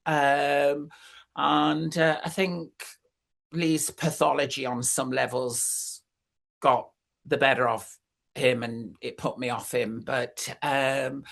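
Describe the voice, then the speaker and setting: A guest in their sixties tells stories at an easy, rambling pace. The voice leaps up and drops down in pitch as the stories go on, full of ums and you-knows. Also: steady tone, slow pace, creaky, a bit bright. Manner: chatty storyteller, many fillers, big pitch swings. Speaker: guest, former recording artist. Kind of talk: anecdotal interview chat.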